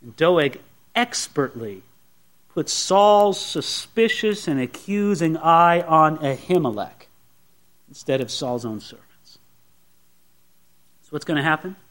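Bright high-voiced man preaching. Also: takes it slowly, long pauses. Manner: animated Bible teaching, acting out characters' lines. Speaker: pastor. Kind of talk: sermon.

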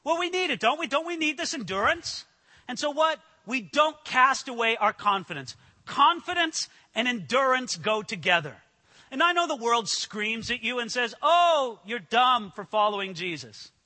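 A man's voice: very high voice, big pitch swings, bright, forceful tone. Earnest male preacher in a reverberant hall. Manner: earnest, emphatic preaching with slow stressed scripture quotes. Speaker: pastor. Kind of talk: sermon. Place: church hall with an audience.

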